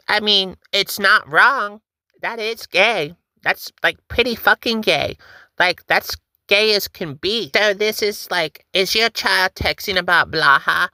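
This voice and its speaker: A woman talks through memes in a loose, joking way, with a bright, forceful tone. Her voice is close and dry, with no room sound around it. She keeps things chatty and teasing, slipping into little voices for the posts she reads aloud. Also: medium pitch, takes it slowly, no room sound. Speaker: host reacting to memes. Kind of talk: casual reaction commentary.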